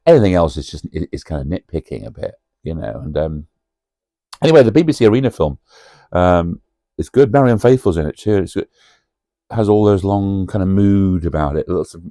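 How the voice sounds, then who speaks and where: A man's voice: deep voice, very animated, fairly quick, warm tone, no echo, studio quality. A man hosting a cosy pub-style chat about a film, rambling and chatty with lots of fillers and asides to the viewer. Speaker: video host.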